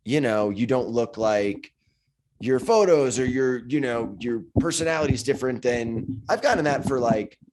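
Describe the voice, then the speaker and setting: A man co-hosting a casual podcast chat, quick and jokey, laughing easily. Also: mid-range voice, darkish tone, slight background noise. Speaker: podcast co-host.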